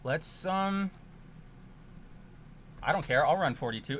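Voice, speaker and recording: A man streaming a card game, ranting and swearing, with sudden loud outbursts in casual chat. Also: fairly high pitch, animated, slow pace.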